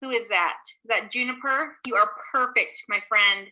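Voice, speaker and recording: A woman teaching young children in a live online class, speaking slowly and praising them warmly over a video call. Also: fairly high pitch, dull audio. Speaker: elementary teacher.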